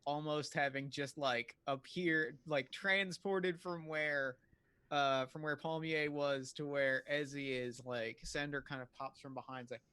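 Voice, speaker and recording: Tabletop player, man, slightly high voice, rambling and hesitant. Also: steady tone, unhurried, pushed and bright, smooth, dry recording. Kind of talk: casual tabletop play.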